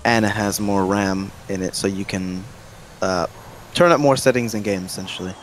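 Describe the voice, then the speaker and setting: A man with a fairly low voice talks loosely on a game stream, dropping casual swears as he hands out tech tips. A faint hum of noise sits underneath him. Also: steady tone, moderate pace. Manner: laid-back, swears casually, gives hardware advice.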